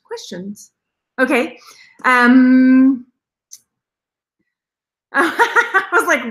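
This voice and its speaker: Chatty woman on a live stream, high sharp voice, rambles and laughs a lot. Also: expressive, very slow, long pauses. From Texas. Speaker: jewelry reseller, channel host. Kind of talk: live-stream chat with viewers.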